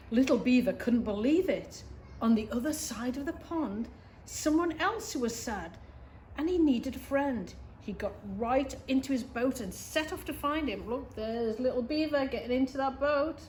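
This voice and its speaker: A middle-aged woman reading a picture book aloud to children, expressive, with gasps and asides to her young listeners. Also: high-pitched, measured pace, slight background noise. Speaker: reader for schoolchildren.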